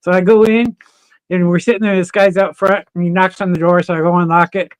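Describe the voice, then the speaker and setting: A man's voice: sits high, brisk, clean tone, dry recording. A man as a podcast guest, telling casual stories full of swearing and laughter. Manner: swears freely, animated anecdotes with laughter. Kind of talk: casual chat, storytelling.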